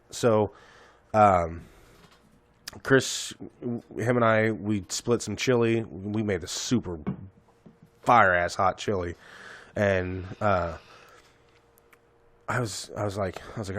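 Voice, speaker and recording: Low-voiced man telling a rambling story. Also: fairly even intonation, a little slow, long pauses, no echo. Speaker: podcast host. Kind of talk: casual storytelling.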